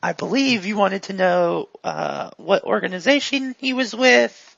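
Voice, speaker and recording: Woman game master, husky, gravelly, relaxed rambling, dry dull lo-fi sound. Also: medium pitch, measured pace, no room sound. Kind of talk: narrating a tabletop role-playing game.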